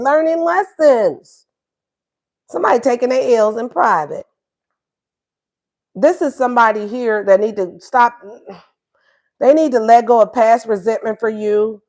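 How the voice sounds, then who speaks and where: A woman's voice: on the high side, a little mellow. A woman giving a casual tarot reading, sassy and acting out what the lovers would say. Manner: sassy, acts out voices of both lovers. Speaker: tarot reader.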